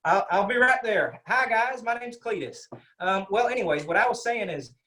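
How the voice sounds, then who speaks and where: A man's voice: sits high, expressive, normal speed, sharp tone, voice pushed up. A man voicing Cletus, a friendly, rambling male Texan cousin with a Texas accent who stammers and keeps coaxing people to interrupt him, heard over a video call. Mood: chummy.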